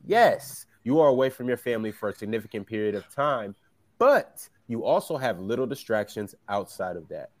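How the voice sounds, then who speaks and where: A man with a mid-range voice runs the segments of a sports podcast. He reads the viewer messages aloud in a brisk, matter-of-fact way. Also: mid-range voice, lively intonation, a little mellow. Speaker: podcast host reading super chats. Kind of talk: casual sports debate.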